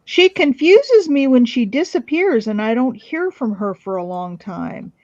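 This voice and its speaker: A woman joining a casual craft livestream over a video call, speaking earnestly with drawn-out phrasing. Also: a little high, expressive, dark tone, no echo, lo-fi sound.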